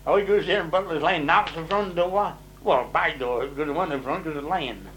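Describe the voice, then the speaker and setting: An older man spins a long, rambling farm story in easy dialect. His voice sits fairly high for a man, and a faint hum runs underneath it. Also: a little fast, rough recording. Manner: rambling, dialect grammar, lively when voicing others' words. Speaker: interviewee telling old farm stories. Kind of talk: casual storytelling.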